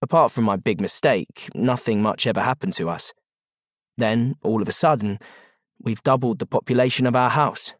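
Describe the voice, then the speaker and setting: A man's voice: medium pitch, normal speed, dry recording, clean studio sound. A man reading a first-person audiobook narration in a terse, wry, matter-of-fact manner.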